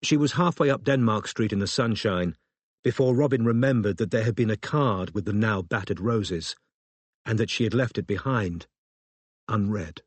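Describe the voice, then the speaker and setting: A man reading an audiobook in a steady, measured storytelling manner. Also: on the low side, husky, no room sound. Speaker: audiobook narrator. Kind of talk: scripted audiobook narration.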